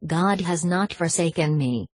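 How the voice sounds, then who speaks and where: A devout male monk, wounded and bewildered, speaking with earnest pleading, as a woman reads him aloud. The voice is low and husky, recorded dry and close. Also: measured pace, no room sound.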